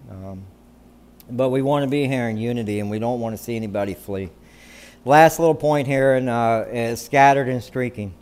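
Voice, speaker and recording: A man's voice: medium pitch, normal speed, darkish tone, smooth. A middle-aged man preaching a sermon in a conversational way, often checking in with "right?" and restarting his sentences. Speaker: pastor.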